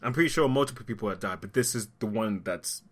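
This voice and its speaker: A man giving impassioned opinion commentary in a vlog, heated and sarcastic, sometimes dropping low as he admits he is upset. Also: fast talker, a bit bright. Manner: heated, sarcastic, rising to indignant outbursts; talks through being upset, voice dropping low at times. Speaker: vlogger.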